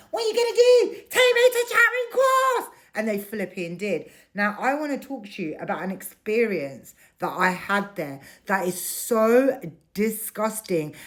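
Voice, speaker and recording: Brief: middle-aged woman, fired-up vlog rant, punchy delivery. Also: fairly low pitch. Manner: indignant, emphatic. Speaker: vlogger. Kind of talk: ranting personal storytelling.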